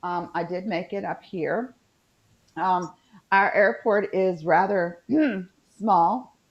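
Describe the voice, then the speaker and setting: Co-host, woman, West Virginian accent, low-ish voice, chatty and rambling, dull video-call sound. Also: slow. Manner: chatty, rambling, with frequent ums. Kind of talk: casual chat on a video call.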